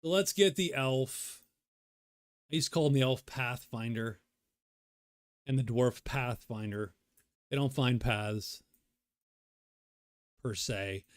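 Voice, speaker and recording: A man's voice: medium pitch, slow pace, pauses often, dry recording, clean studio sound. A man thinking aloud as he plays a solo board game, rambling and muttering to himself. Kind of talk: casual solo playthrough commentary.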